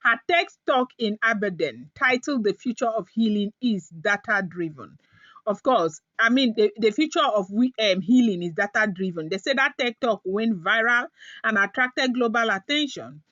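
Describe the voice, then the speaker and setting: A woman's voice: mid-range voice, expressive, normal speed, fairly bright tone, dry recording. Woman vlogger, chatty gossip host, dry muffled lo-fi mic. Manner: chatty, keeps adding "okay?" and "you know". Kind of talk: casual gossip monologue.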